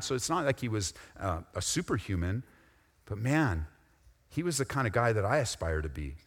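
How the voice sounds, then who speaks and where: A man preaching a sermon as a pastor, animated, acting out squabbling voices and dropping into soft, intense asides. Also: mid-range voice, brisk. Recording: reverberant hall.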